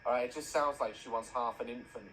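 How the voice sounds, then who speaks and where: A man's voice: mid-range voice, steady tone, quick pace, rough recording. A man hosting a reaction video, mocking what he watches with jokey, sarcastic commentary. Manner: mocking, jokey, laughs at his own dark jokes.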